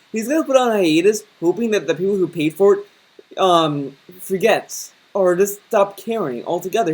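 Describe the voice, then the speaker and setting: A man's voice: high-pitched, a little mellow. Indignant man ranting over a clip. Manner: indignant ranting, mocking quotes. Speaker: commentary YouTuber. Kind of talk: critical commentary.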